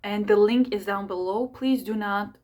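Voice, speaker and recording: A young woman astrologer and channel host, talking fast and energetically in a chatty monthly horoscope video, with many fillers. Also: mid-range voice, darkish tone. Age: young adult. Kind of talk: fast casual monthly horoscope talk to camera.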